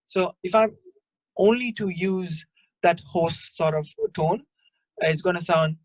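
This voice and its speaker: Slow-talking male vocal coach on a call. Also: sits high, no room sound. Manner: relaxed, halting explanations with sung examples. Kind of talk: vocal workshop demonstration. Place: online video call.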